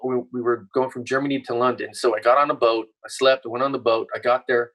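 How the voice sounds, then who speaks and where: A man's voice: medium pitch, fast talker, rough recording. A middle-aged man, a guest on a podcast, telling a story casually with plenty of swearing. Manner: profane, animated storytelling.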